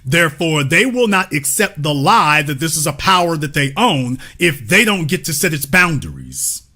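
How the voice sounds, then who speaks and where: An American man holds forth in an impassioned talk, his voice bright and forceful with a lively, swooping pitch. He builds his points like a preacher, hammering lines again and again. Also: normal speed. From United States. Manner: emphatic, preacher-like, repeats lines for effect. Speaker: commentator in a cultural discussion.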